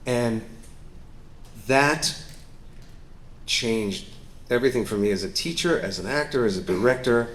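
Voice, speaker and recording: A man, a guest actor and director, telling stories on a festival panel stage, lively and candid, acting out the people he quotes. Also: mid-range voice, a little slow, long pauses. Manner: animated, acts out quotes, candid and self-mocking. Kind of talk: storytelling interview on stage.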